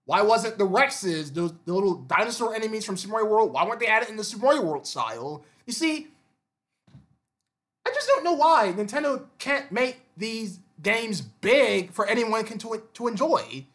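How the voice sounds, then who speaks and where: A man's voice: high voice, very animated, normal speed, a bit bright. A man giving an unscripted gaming commentary, stammering and repeating words as he fires off exasperated rhetorical questions. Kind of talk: unscripted opinion monologue.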